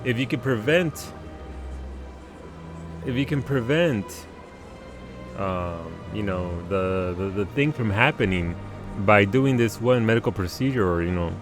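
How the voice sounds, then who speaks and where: Animated, laughing male game streamer. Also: lowish voice, unhurried, pauses often, over music. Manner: animated, laughing, stammering restarts. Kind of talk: casual live gameplay commentary.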